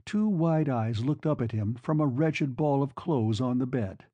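A man narrating a classic novel in a steady, measured reading. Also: mid-range voice, no room sound, dull audio. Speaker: audiobook narrator. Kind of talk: scripted narration.

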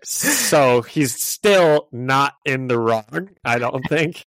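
A man's voice: mid-range voice, animated, very slow, a bit bright, no echo. Man recapping comics with laughs, dry mic. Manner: chatty, laughing, frequent restarts. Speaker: podcast co-host recapping comics. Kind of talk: casual chat.

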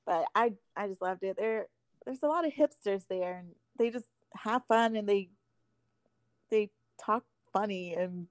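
A young woman in her twenties, a podcast guest, chatting casually and acting out her stories with lively quoted voices. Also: mid-range voice, measured pace, dry recording. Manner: animated storyteller acting out quotes, giggly. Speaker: podcast guest, former pro cheerleader. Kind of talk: casual chat.

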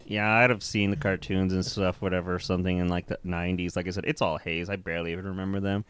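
A man's voice: low voice, flat delivery, quick pace, fairly bright tone, clean tone. A young man co-hosting a podcast in casual chat, rambling, laughing often and swearing freely. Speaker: podcast co-host.

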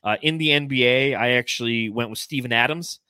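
A man co-hosts a casual sports podcast, joking, laughing, and tossing in quick asides. His mid-range voice has a sharp yet clean tone, recorded dry.

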